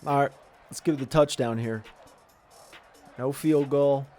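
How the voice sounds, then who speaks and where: A young man giving casual, excitable commentary over a football video game, talking to the players on screen in slang. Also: mid-range voice, a little slow, soft background music. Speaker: gaming commentator.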